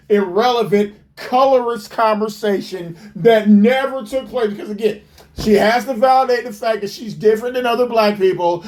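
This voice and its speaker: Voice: mid-range voice, a little mellow. A commentator ranting in a mocking, profane, incredulous way while reacting to a clip.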